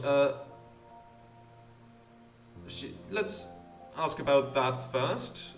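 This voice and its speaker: A man's voice: medium pitch, moderate pace, fairly bright tone. A man hosting a let's play, commenting in a rambling, hesitant, self-deprecating way. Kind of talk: casual game commentary. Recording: roomy, mic at a distance, faint game music.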